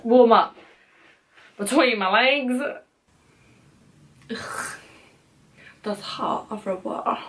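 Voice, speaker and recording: A woman's voice: on the high side, very slow, pauses often, slight background noise. A young woman with a British accent, rambling and giggling through casual vlog outtakes, often mocking herself. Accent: British English. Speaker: vlogger.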